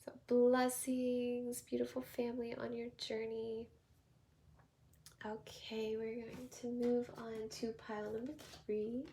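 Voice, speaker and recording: A woman with a Southern accent giving a tarot card reading, talking softly and prayerfully, slipping into whispers. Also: on the high side, flat delivery, a little hiss or hum. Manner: slow, soft, prayerful delivery with drifting whispers. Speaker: tarot reader.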